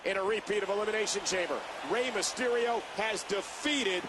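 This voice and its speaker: A man voicing a recorded play-by-play wrestling commentator in a video game, calm and scripted. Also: high voice, a little fast, lightly acted. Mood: even. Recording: noisy game audio from a distance.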